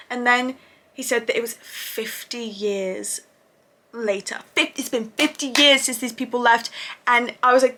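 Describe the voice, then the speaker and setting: A woman casually reviewing anime episodes for her channel, gushing and excitable and swearing freely. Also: a little high, a little slow.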